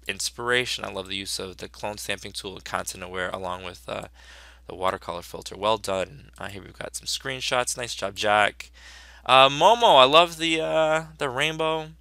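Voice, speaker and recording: A man's voice: on the low side, creaky, pushed and bright, smooth, no room sound. A man teacher giving a casual, upbeat review of his students' work, chatty and full of fillers.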